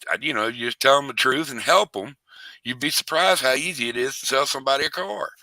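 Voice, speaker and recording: Older man, rambling folksy storyteller; low sharp voice, dry close sound. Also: quick pace, dry recording. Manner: rambling, folksy and profane, with many restarts. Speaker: interviewee. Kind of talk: casual storytelling.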